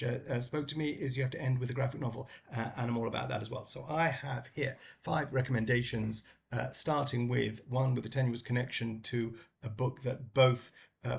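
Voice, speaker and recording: A man's voice: mid-range voice, vocal fry. A middle-aged man casually recommending books, talking in a rambling way with many ums and restarts. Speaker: book vlogger.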